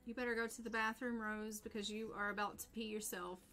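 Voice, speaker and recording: A woman's voice: medium pitch, little pitch movement, brisk, pushed and bright. A woman doing casual live commentary while playing a life-sim game, chatting to her characters and viewers. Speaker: streamer.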